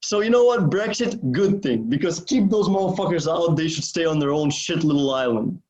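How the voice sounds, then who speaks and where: A man's voice: fairly high pitch, expressive, moderate pace, darkish tone, muffled recording. A man co-hosting a podcast in casual, profane chat, full of filler words. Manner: rambling, profane, many "like"s. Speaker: podcast co-host.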